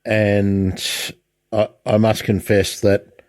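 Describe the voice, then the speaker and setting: A man's voice: lowish voice, flat delivery, very slow, darkish tone. A man, hosting a podcast and asking questions in a chatty, wandering way. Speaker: podcast host. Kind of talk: casual interview.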